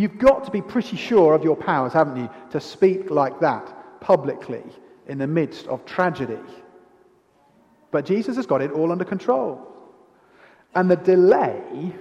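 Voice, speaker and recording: A man's voice: on the high side, darkish tone. A man preaching an expository sermon in a church, asking the congregation questions. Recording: reverberant church hall.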